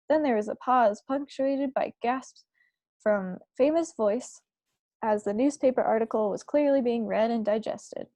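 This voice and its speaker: A woman reading a children's novel aloud to a book club in a steady storytelling manner. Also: fairly high pitch, measured pace, no room sound.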